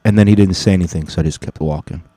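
Low-voiced young man telling a rambling story. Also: rapid-fire, mellow, no echo. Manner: rambling, profane, self-correcting. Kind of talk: casual comic storytelling.

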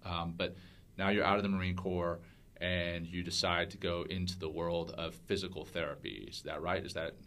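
Deep-voiced guy hosting a podcast, rambly questions, lots of ums. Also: flat delivery, normal speed, a bit bright. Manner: rambling, filler-heavy questions. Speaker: podcast host. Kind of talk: casual interview questions.

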